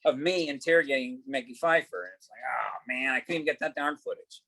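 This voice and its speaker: A man's voice: medium pitch, fast talker, creaky, sharp tone, poor audio. A middle-aged man, an actor, telling stories in a casual interview, acting out quoted dialogue and swearing casually. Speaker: actor guest.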